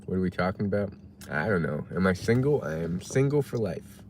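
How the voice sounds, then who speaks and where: A man with a low, darkish voice talks briskly and expressively on a livestream. He's parked in his car waiting for delivery orders, musing casually and reading chat messages aloud, with a little hiss or hum in the background.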